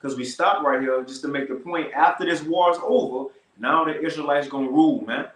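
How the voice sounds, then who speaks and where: A man teaching scripture in a casual, slangy way, slowing down to read verses with emphasis. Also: a little high, fairly bright tone, reverberant, low-quality recording. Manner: slow, emphatic scripture reading.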